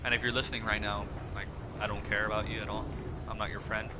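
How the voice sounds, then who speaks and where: A man's voice: fairly low pitch, flat delivery, fast, heavy background noise. A young man streaming a game, telling a story in a rambling, profane, self-mocking way. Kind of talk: casual storytelling over gameplay. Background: game music.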